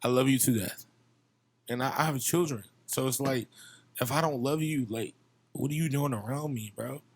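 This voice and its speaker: A young man with a Virginia accent talks on a podcast with heated passion. He swears freely and circles back over his own words. His voice sits at a middle pitch. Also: normal speed, husky. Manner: passionate, heavy swearing, repeats himself. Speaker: podcast guest, musician. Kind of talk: casual chat.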